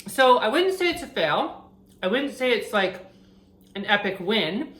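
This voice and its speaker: A woman chatting casually while cooking in her home kitchen, thinking out loud and poking fun at herself, with a pan sizzling behind her. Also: on the high side, big pitch swings, measured pace, roomy sound. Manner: chatty, self-deprecating, thinks aloud. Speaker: vegan cooking vlogger. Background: frying and sizzling from the pan.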